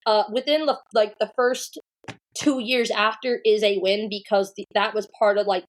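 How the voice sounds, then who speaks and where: A woman talks through her point as a podcast co-host, rambling and animated. She fills her sentences with "like" and "um". Her voice sits at a mid pitch. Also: normal speed. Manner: rambling, animated, with frequent fillers. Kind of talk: casual discussion.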